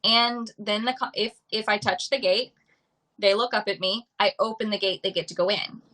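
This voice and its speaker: A woman's voice: mid-range voice, fairly even intonation, normal speed, bright, forceful tone, poor audio. A woman dog trainer on a live stream, talking through viewer questions and repeating simple examples to explain her point.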